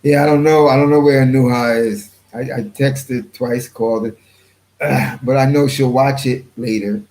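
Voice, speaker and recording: A man hosting his own channel, reading viewer comments in a rambling, blunt way and clearing his throat often. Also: medium pitch, steady tone, moderate pace, darkish tone, rough recording. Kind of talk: casual livestream commentary.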